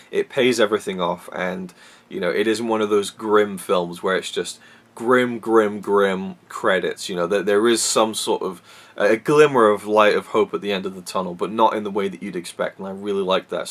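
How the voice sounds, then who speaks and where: A man's voice: on the low side, a bit bright. A man giving a casual, rambling film review to camera, with many restarts and fillers. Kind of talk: casual solo movie review.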